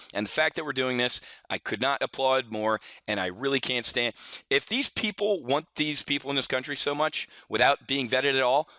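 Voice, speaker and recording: A man's voice: mid-range voice, bright, forceful tone, dry recording. A man giving a rambling, opinionated market update for his trading members, full of folksy asides and restarts. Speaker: options trading educator. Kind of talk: casual solo market update.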